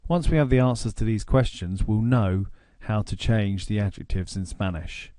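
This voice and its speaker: A man with an English accent narrating a grammar lesson, explaining slowly and deliberately. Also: on the low side, mellow, no room sound, clean studio sound. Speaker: language teacher.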